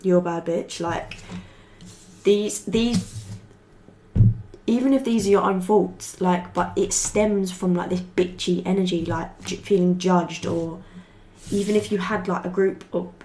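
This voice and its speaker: A young woman gives a loose, unscripted tarot reading. Her voice sits a little low. She rambles warmly, swears without a second thought and fills gaps with "like". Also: steady tone, unhurried, slight background noise. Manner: chatty, rambling, swears freely, peppered with "like". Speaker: tarot reader. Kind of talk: casual tarot reading to camera.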